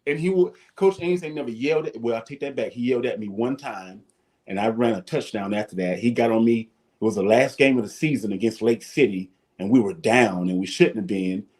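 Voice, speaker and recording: A man, a former football player telling animated stories as a guest on a talk show. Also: on the low side, fairly quick. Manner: animated storyteller, acts out his coaches and shouts. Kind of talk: storytelling in a talk-show interview.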